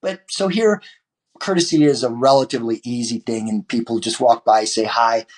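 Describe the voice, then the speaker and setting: A man with a husky, slightly rough voice speaks as a guest on a podcast. He rambles casually, restarting sentences and leaning on fillers. His pitch sits in an ordinary middle range for a man. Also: moderate pace, darkish tone. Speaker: martial arts teacher.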